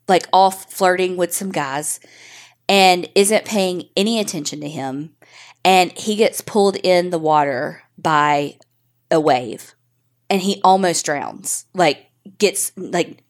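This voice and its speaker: A woman co-hosting a podcast, telling a true-crime story in a chatty, frank way with casual swearing. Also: lowish voice. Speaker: podcast co-host.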